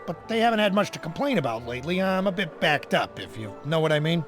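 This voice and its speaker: Game role: slobbish scavenger bird, chatty and crude, lively upward-lilting delivery. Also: male voice, fairly high pitch, fast talker, music in the background. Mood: crude joking. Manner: easygoing, lewd and jokey. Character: crude, laid-back male carrion bird. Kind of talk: game dialogue.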